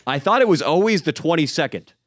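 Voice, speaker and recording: A man from the Sacramento Valley, co-hosting a comedic podcast with animated, ranting riffs. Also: on the high side, fast, dry recording, studio quality. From Sacramento Valley, California. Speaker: podcast co-host. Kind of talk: comedic casual chat.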